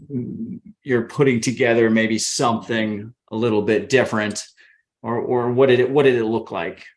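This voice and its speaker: Rambling podcast host, a man. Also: medium pitch. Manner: rambling, restarting questions. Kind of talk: casual interview chat.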